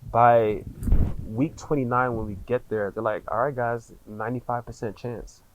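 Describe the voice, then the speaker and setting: A man in his thirties, a podcast guest, telling a personal story candidly, in casual slang with frequent swearing and halting restarts. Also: medium pitch, fairly even intonation, lo-fi sound.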